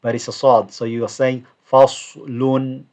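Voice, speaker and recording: A man teaching Quran recitation, modelling each word slowly for students to repeat, with quick explanatory asides. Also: medium pitch, flat delivery, a little mellow. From United Kingdom. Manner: slow, drawn-out model pronunciation, then quick asides. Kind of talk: recorded recitation lesson, repeat after me. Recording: dull lo-fi recording.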